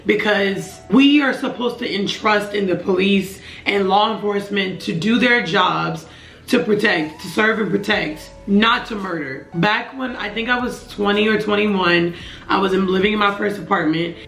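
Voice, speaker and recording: Earnest young woman, gravelly bright voice. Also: mid-range voice, reverberant, soft background music. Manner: earnest, emotional, halting restarts. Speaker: vlogger. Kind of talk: personal storytelling to camera.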